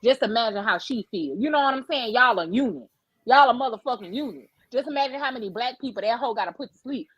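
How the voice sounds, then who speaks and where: A woman co-hosting a podcast, telling a story in a brash, profane, animated way. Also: on the high side, fast, breathy edge, dry recording, muffled recording. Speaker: podcast co-host. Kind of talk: casual storytelling chat.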